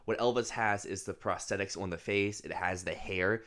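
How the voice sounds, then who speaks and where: A man with a fairly low voice co-hosts a film podcast in casual chat. He talks things through quickly and analytically, weighing each option in turn. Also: steady tone, a bit bright. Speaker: podcast co-host.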